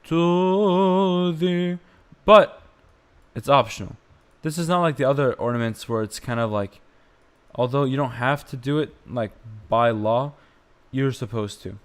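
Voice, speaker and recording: A young man teaching chant on a live stream, explaining slowly and breaking into short sung phrases. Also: mid-range voice. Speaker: music teacher.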